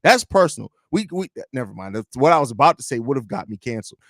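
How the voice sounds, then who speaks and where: A man's voice: mid-range voice, very animated, quick pace, dry recording, clean studio sound. A man hosting a live sports podcast, rambling and joking profanely while reading chat aloud. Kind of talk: casual live-stream chat.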